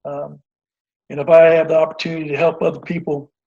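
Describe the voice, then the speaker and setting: A man in his forties, a basketball coach, tells a long story in an earnest, rambling way, full of fillers and restarts. His voice sits fairly high and sounds husky. The recording is dull and lo-fi. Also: little pitch movement, fast, darkish tone. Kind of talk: casual interview storytelling. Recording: dull lo-fi audio.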